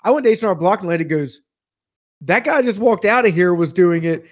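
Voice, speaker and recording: High-voiced man ranting profanely. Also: expressive, fairly quick. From Pennsylvania. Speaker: podcast co-host. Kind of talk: casual comedic storytelling.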